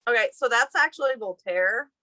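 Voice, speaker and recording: A woman college instructor chats casually with her co-teacher at the end of a class session. Her voice is bright and forceful. She tells stories with animated, playful exasperation, and the recording is close and dry. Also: a little high, brisk, no echo, poor audio.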